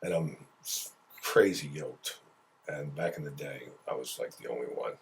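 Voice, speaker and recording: A very deep-voiced man from Philadelphia, in his forties, spinning lively stories as a guest on a radio show. He slips into other people's voices as he tells them, with a faint hiss of noise under the talk. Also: moderate pace. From Philadelphia, USA. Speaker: guest actor. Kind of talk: casual storytelling interview. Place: radio studio.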